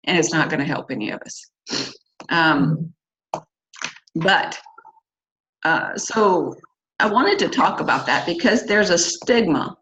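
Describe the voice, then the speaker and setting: A woman's voice: fairly low pitch, animated, slow pace, pauses often, fairly bright tone, a little hiss or hum. A middle-aged woman hosting a church singles class, talking casually and candidly with many fillers and asides. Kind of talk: casual talk to a church group. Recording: slightly dull lo-fi recording.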